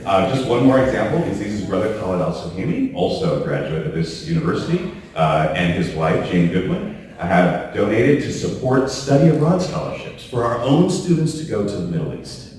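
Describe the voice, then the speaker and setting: A man's voice: on the low side, sing-song, normal speed, a little mellow. A man giving a formal ceremonial speech as a university leader, earnest and building up lists by repetition. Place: large hall at a reception. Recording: echoey hall from far off.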